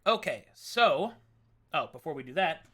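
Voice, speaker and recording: A man's voice: a little high, measured pace, breathy edge. A man acting as game master, casually explaining character setup for a tabletop game. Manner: relaxed, explaining rules.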